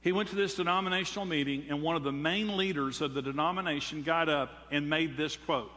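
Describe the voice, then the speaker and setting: Delivering a sermon briskly, with hardly any pauses, an older pastor addresses his congregation in an emphatic, preacherly style built on rhetorical questions. His voice is bright, forceful, and slightly high, and each phrase echoes with the long reverb of a big hall.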